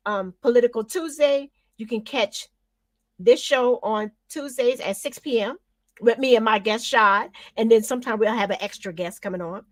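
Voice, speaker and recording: A woman's voice: medium pitch, no room sound. A woman hosting a live-streamed talk show, chatting casually with her co-host and laughing often.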